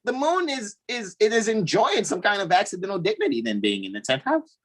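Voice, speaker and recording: A man giving a casual astrology talk as co-host over a video call, animated and thinking aloud. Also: sits high, fairly quick.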